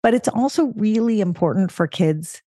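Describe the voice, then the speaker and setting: A woman's voice: medium pitch, expressive, moderate pace, warm tone, dry recording, studio quality. A woman co-hosting a podcast, explaining ideas on parenting in a thoughtful, explanatory way. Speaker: podcast co-host. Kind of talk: casual parenting discussion.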